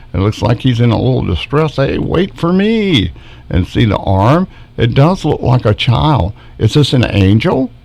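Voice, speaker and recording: A man hosting a casual live stream from home, pointing things out excitedly and asking the viewers questions. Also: fairly low pitch. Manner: excitable, wondering aloud, many rhetorical questions. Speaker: backyard paranormal video host.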